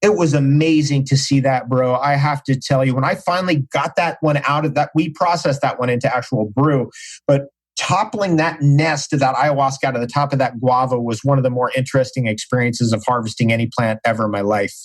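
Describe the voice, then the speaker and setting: A man's voice: mid-range voice, brisk, low-quality recording. A middle-aged man, a podcast guest, telling stories in casual conversation with enthusiasm and slang.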